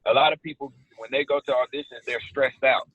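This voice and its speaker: Man, casual slangy storyteller, mid pitch, tinny dry recording. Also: fairly quick, breathy edge, no room sound. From South Side Chicago. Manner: animated storytelling with street slang. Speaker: actor guest. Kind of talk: casual interview chat. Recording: tinny phone-like dry sound.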